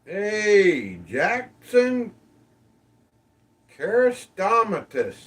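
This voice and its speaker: A man chats through a livestream at a slow, easygoing pace, calling out viewers by name. His voice sits a little high. He sounds a bit off-mic, as if the phone is set down in front of him. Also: sing-song, fairly bright tone, distant mic. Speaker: livestream host. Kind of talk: casual livestream chat reading comments.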